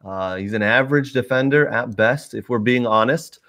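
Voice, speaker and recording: A man's voice: mid-range voice, moderate pace, fairly bright tone. A man hosting a live soccer show, talking casually to viewers with lots of fillers and asides. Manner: chatty, addresses viewers directly, many fillers. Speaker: sports show host.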